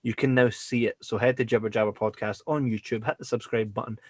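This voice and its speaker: A man's voice: medium pitch, quick pace, no room sound, clean studio sound. A Scottish man co-hosting a podcast, chatting casually and jokily, swearing freely. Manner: swears freely, lively and jokey. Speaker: podcast co-host.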